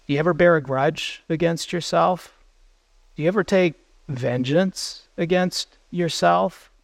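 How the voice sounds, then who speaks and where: A man's voice: on the high side, unhurried, gravelly, no room sound. A man preaching a sermon as pastor, earnest, putting questions to the congregation.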